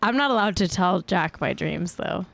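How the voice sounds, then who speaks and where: A Californian woman in her thirties hosts a casual celebrity gossip podcast, chatty and jokey and laughing often. Her voice is on the low side with lively intonation, a bit of brightness and vocal fry, and she speaks at a normal speed.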